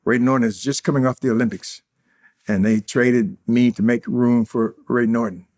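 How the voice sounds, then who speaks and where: A man's voice: mid-range voice, fairly even intonation, moderate pace, darkish tone. Boastful older man telling stories. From Indiana, USA. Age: 80s. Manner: boastful, acts out quoted dialogue. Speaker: interview guest. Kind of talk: casual interview storytelling.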